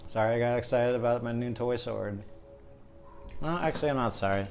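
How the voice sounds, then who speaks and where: A man's voice: medium pitch, a little fast, creaky, darkish tone, faint music behind. A young man giving a casual tarot reading, joking and rambling, often checking in with "right?". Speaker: tarot reader.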